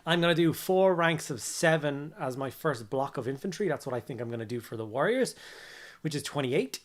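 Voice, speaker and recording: A man's voice: fairly high pitch, expressive, brisk. Chatty man hosting a hobby stream. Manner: chatty, repeats greetings to chat. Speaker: livestream host. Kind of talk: casual livestream chat while building models.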